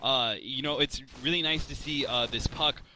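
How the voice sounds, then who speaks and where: A man's voice: mid-range voice, normal speed, over music. A man commentating a video game match, rambling with lots of fillers and restarts. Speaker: esports commentator.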